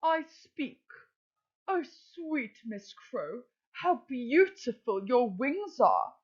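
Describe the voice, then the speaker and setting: A sly, flattering male fox, played by a woman reading to her class, drawing out his sweet words slowly. His pitch rises and falls in a lively way. The audio is dull and lo-fi. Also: husky, exaggerated voice. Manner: slow, sugary, flattering. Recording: dull lo-fi recording.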